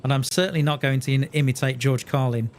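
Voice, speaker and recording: This man speaks quickly in a mid-range voice with a steady tone, over slight background noise. He's live-streaming a train simulator game, rambling casually, cracking jokes, and talking both to his chat and to himself.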